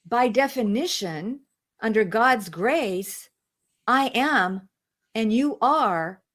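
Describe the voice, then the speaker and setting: A woman's voice: a little high, a bit bright. A woman, a guest on an interview show, telling her personal story in an earnest way and repeating phrases for emphasis. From outside the United States. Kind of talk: emotional personal testimony.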